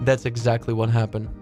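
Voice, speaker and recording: A man hosting a casual live stream about web development, ranting in a sarcastic, profane way and reacting to chat. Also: mid-range voice. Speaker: livestream host.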